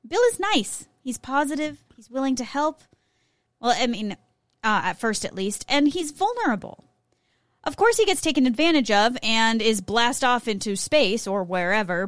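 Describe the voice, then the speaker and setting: A woman's voice: a little high, dry recording. A woman co-hosting a podcast, reading a prepared segment in a casual way, with small slips and self-corrections. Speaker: podcast co-host presenting a segment.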